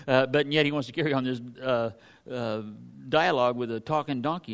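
A man preaching a casual sermon, reading scripture aloud between folksy, animated asides to his congregation. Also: medium pitch.

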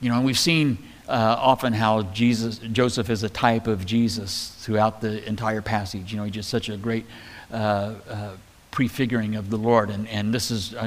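A man teaching from the Bible as a pastor, in a relaxed, conversational way with joking asides. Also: lowish voice.

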